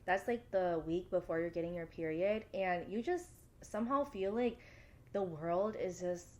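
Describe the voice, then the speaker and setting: A young woman co-hosting a podcast who speaks softly and agreeably in casual chat, with many fillers. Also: on the low side, normal speed. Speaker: podcast co-host.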